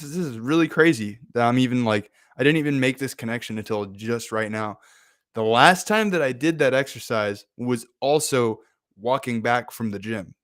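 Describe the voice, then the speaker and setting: A young man, host of a self-improvement podcast, casually telling a personal story in a playful, animated way, acting out his own excited exclamations. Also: medium pitch, clean tone, no echo, clean studio sound.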